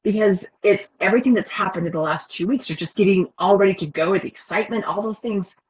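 Expressive lady host chatting away, kinda dull muffled audio. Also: medium pitch, fast. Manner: animated, expressive storyteller. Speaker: podcast host. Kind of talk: casual interview chat.

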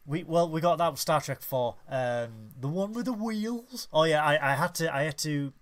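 A man's voice: a little high, lively intonation, moderate pace. A man co-hosting a podcast in casual chat, jokey and playful. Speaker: podcast co-host.

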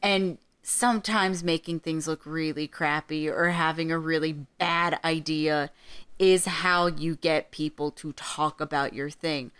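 A woman's voice: deep voice, fairly even intonation, measured pace, fairly bright tone, clean tone. Blunt, sarcastic woman podcaster. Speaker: podcast co-host. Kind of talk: casual chat.

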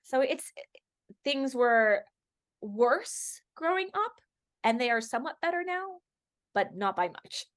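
A woman's voice: high-pitched, sing-song, slow, pauses often. Woman, from Los Angeles, podcast interview guest, emphatic, conversational. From Los Angeles, USA. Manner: emphatic storytelling, acting out quoted remarks. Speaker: podcast guest, actor and activist.

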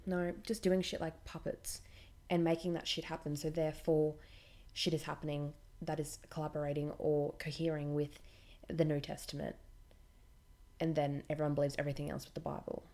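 A woman's voice: low-pitched, little pitch movement, moderate pace, dark tone. A woman, a podcast host telling a story in casual, blunt and irreverent chat, swearing freely.

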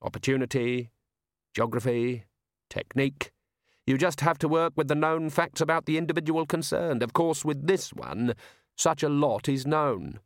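Guy reading as creepy polite young killer, calm and soft, says sir a lot, dry sound. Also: fairly high pitch, moderate pace, no echo, voice pushed up, lightly acted. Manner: soft-spoken, overly courteous, keeps saying sir. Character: young male assassin, polite, eerily calm.

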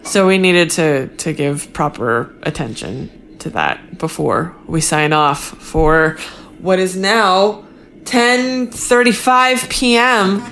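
A woman chatting through a TV episode in an unhurried, leisurely way, her voice sitting a little low. She drops dry, wry asides. A faint hiss runs under her voice. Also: expressive, creaky, a bit bright. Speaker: podcast co-host. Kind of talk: casual chat. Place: home guest bedroom studio.

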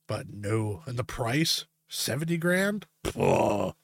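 A man's voice: on the low side, very animated, takes it slowly, vocal fry, breathy edge, dry recording. Podcast host, male, crude rant-style storyteller with frequent laughs; dry, close recording. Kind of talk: casual chat.

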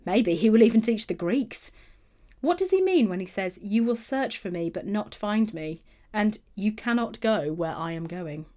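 A woman's voice: medium pitch, expressive, normal speed, a little mellow, close to an everyday voice. Woman doing scornful male religious leaders. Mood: indignant. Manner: indignant, mocking questions. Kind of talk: Bible reading.

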